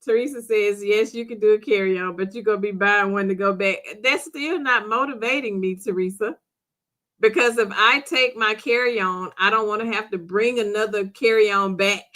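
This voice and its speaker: A woman's voice: mid-range voice, fairly even intonation, moderate pace, a bit bright. A middle-aged woman hosting a live chat, reading viewer comments aloud and answering them in a chatty way with frequent laughter. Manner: chatty, laughs often, talks back to commenters. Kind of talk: casual chat.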